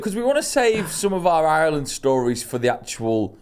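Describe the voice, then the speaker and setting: Man, podcast host, teasing, lively intonation, casual comedy chat. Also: a little high, a little fast, smooth. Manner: teasing, animated.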